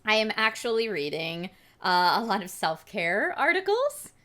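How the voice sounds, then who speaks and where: A woman's voice: medium pitch, very animated, moderate pace, bright, forceful tone. A woman co-hosting a casual chat, talking frankly and with self-deprecating humor. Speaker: co-host.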